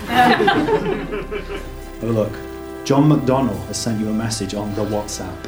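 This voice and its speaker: A man hosting a jokey quiz at a live show, with a deadpan, mock-apologetic delivery. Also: medium pitch, slow pace. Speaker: comedy show host. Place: live venue. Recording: echoey room with loud music.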